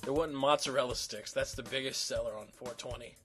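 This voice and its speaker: A man's voice: medium pitch, fast, music in the background. A man co-hosting a podcast, trading dry jokes in casual chat. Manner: joking, dry banter. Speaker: podcast co-host.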